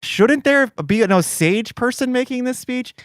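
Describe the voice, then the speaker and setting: A man co-hosting a podcast in casual chat, animated and joking. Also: extremely high pitch, moderate pace, clear, resonant tone, no room sound, studio quality. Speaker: podcast co-host.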